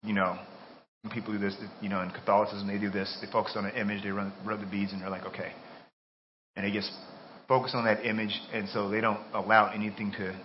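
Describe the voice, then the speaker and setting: A man's voice: fairly low pitch, little pitch movement, quick pace. A man with an American accent preaching a sermon in a loose, conversational way, talking through his thoughts aloud. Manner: conversational, talks to himself aloud. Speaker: pastor. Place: church. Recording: dull lo-fi sermon recording with faint noise.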